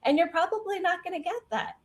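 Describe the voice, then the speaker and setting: A woman's voice: extremely high pitch, fast. A woman guest speaking earnestly as a practitioner, repeating her points and acting out the inner voices people hear. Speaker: guest, healing arts practitioner. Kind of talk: reflective coaching talk.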